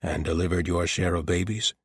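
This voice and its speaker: Man doing a big paladin captain, deep voice, husky, deadpan, dry wit. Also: fairly quick, no echo. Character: large, dry-humored male paladin captain.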